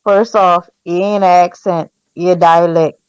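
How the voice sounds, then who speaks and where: A woman's voice: lowish voice, steady tone, moderate pace, clear, resonant tone, no echo, poor audio. A woman with a Geechee accent, chatting boldly and teasing. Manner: bold, teasing, explains with flair. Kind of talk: casual chat.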